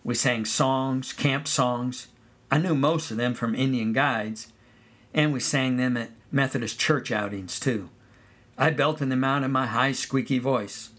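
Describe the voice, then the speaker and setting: A man narrating a first-person story of his boyhood at summer camp in a relaxed storytelling way. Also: medium pitch, measured pace. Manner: relaxed storytelling, sings song snippets.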